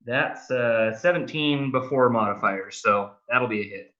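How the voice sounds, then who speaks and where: A man's voice: mid-range voice, unhurried, pushed and bright, a little hiss or hum. A man playing a tabletop game, chatty and a little theatrical as he calls out his moves. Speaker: player. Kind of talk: tabletop game play over voice chat. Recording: dull lo-fi mic.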